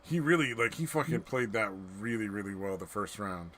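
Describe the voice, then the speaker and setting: A man's voice: lowish voice, animated, a little fast, a bit bright. A man co-hosting a podcast, joking crudely and laughing often in casual banter. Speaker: podcast co-host.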